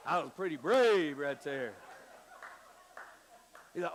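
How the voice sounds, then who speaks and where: A middle-aged male pastor preaching a sermon, shifting between hushed scripture reading and emphatic storytelling with quoted voices. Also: a little high, animated, slow, a little hiss or hum, rough recording. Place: church sanctuary.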